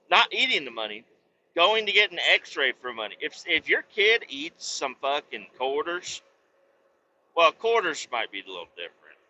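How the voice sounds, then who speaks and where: A man in his thirties or forties hosts his own podcast while driving a truck, talking over a headset mic in a profane, rambling monologue where he swears constantly and rants loudly through every sentence. His voice is fairly high with wildly swooping pitch, a little slow with long pauses, and the highs are cut off.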